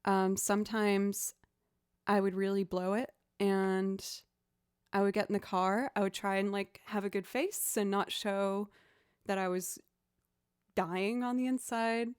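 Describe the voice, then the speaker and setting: A woman's voice: medium pitch, steady tone, a little slow, clean tone, dry recording, studio quality. A young woman chatting casually on a live stream, self-deprecating and encouraging as she talks viewers through her practice. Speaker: musician streamer.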